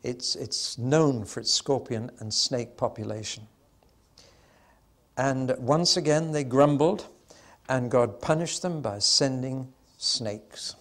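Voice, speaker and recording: Emphatic older man teaching the Bible. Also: mid-range voice. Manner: storytelling, emphatic, slows for weight. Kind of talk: sermon-style Bible teaching.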